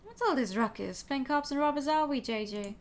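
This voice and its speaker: Smug male bird prosecutor, smooth and insinuating, as a woman reads him, higher-pitched. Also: fairly quick.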